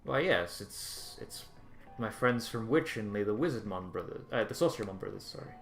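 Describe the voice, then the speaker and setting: A man voicing a formal, long-lived male Digimon lord who speaks in a measured, stately way. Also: fairly low pitch, expressive, vocal fry, fairly bright tone, faint music behind. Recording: echoey room.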